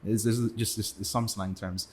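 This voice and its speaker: A man's voice: on the low side, little pitch movement, moderate pace, slightly rough. A young man from England, a podcast guest, talking casually with many fillers and restarts. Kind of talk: casual interview talk.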